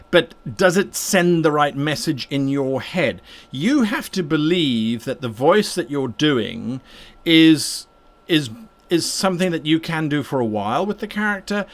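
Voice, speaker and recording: A man hosting a live stream and answering viewer questions about game mastering, talking casually and rambling with restarts and repeated words while he paints. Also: mid-range voice. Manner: talks while painting miniatures.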